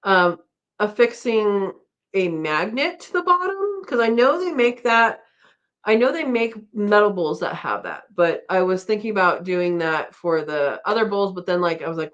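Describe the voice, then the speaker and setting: A woman's voice: medium pitch, sing-song, moderate pace, fairly bright tone. A middle-aged woman hosting a casual live-stream chat, rambling and laughing often as she reads out comments. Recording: dull lo-fi stream audio.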